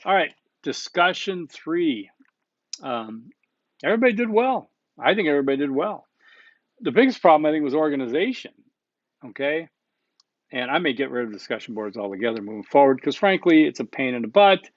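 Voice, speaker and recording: A man's voice: mid-range voice, lively intonation, normal speed, no room sound. A man recording an online course lecture as the instructor, talking casually and bluntly with many asides and check-ins. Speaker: college instructor. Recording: dull muffled dry recording.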